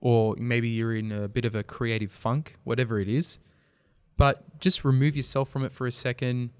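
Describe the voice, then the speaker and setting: A man's voice: medium pitch, moderate pace, smooth, no room sound, clean studio sound. A man, a podcast guest, talking earnestly in a casual interview and telling stories. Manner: earnest, storytelling, animated when making a point. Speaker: podcast guest, video company founder.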